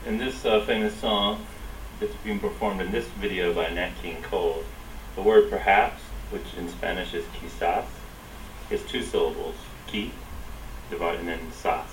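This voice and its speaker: A man teaching a Spanish lesson, explaining a rule and then repeating words slowly for practice. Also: low voice, a little hiss or hum, low-quality recording. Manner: slow, drilling repetition of words. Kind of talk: classroom lesson.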